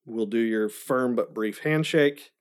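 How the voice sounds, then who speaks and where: Podcast co-host, calm and steady, explains practical steps. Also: medium pitch, measured pace, clean tone. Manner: steady, advice-giving. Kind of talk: casual chat.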